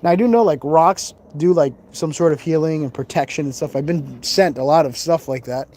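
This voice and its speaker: A man's voice: a little high, fairly quick, a little mellow. A man hosting a live ghost-hunting stream in a cemetery, chatting casually and rambling with laughs and asides. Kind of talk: casual live-stream chat while exploring. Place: outdoors in a cemetery.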